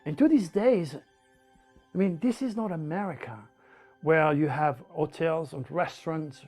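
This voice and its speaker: A man from France with a French accent, telling a personal story in an animated, emphatic way. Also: fairly high pitch, a little slow, soft background music. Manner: animated, emphatic, with repetitions and laughs.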